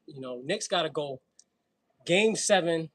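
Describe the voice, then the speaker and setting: A man's voice: fairly high pitch, animated, measured pace, poor audio. A man from Brooklyn with a New York accent, talking casually and laughing on a fitness livestream between sets. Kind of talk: casual livestream chat while working out.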